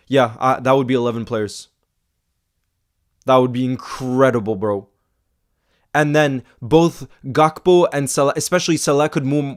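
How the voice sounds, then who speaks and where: An excitable man hosting a football fan livestream, chatting casually, saying bro a lot and reading viewer comments aloud. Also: mid-range voice, clean tone. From Iceland. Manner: excitable, fast-talking, says bro a lot.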